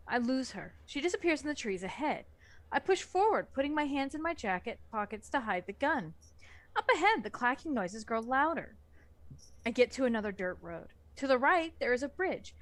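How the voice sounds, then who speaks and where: A woman's voice: sits high, dry recording. A woman reading a horror novel aloud for a book club, narrating expressively. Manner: expressive narration with lively swings.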